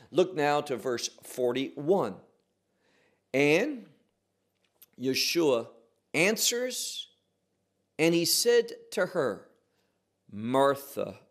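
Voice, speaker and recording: A man teaching a sermon on a Bible passage, asking rhetorical questions and answering them, slowing and dropping his voice to stress key words. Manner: slows and drops pitch to stress key words.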